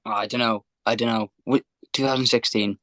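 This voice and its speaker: A man's voice: medium pitch, steady tone, a little fast, pushed and bright, no echo. A man who is a guest on a casual podcast, hesitantly thinking aloud as he answers quiz questions.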